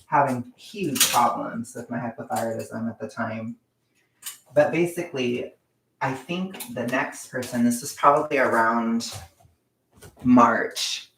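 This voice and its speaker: A man's voice: mid-range voice, vocal fry, a bit bright, echoey room, distant mic, slight background noise. A young man vlogger telling a personal story in casual chat, rambling with lots of fillers like "like" and "blah, blah.".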